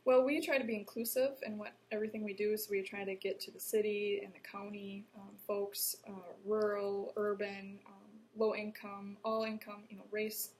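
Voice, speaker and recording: A woman's voice: mid-range voice, little pitch movement, normal speed, few pauses, a little mellow, a little hiss or hum, low-quality recording. A woman from Wisconsin, a horticulture educator explaining plainly as an interview guest.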